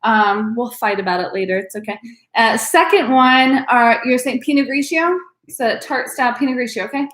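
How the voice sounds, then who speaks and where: A woman's voice: a little high, moderate pace, fairly bright tone, echoey room. Upbeat woman teaching a wine class. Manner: upbeat, frequent ums, coaching. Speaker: wine tasting instructor. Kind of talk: live online class. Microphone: video call.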